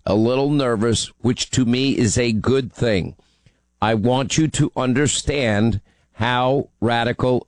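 A man's voice: mid-range voice, no echo. A man hosting a call-in talk radio show, teasing his callers and then pressing his points with urgency.

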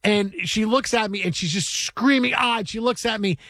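Animated high-voiced male radio host. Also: moderate pace, no echo, clean studio sound. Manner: animated storyteller, acts out quotes loudly. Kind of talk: casual sports talk banter.

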